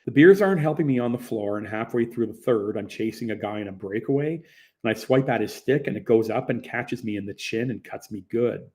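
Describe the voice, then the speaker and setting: A man's voice: medium pitch, animated, a little fast, darkish tone. A young man narrating a first-person audiobook in a plain, conversational storytelling manner.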